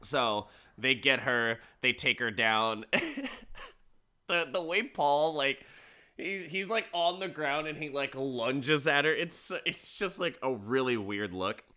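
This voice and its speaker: Man, bright cutting voice, animated casual movie recap. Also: mid-range voice, a little slow. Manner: animated storytelling, frequent laughs and fillers.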